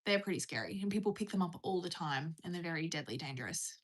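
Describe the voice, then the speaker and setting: A woman's voice: on the low side, animated, quick pace, slightly rough. An Australian woman chatting casually on a live stream, reading viewer questions aloud and rambling through her answers.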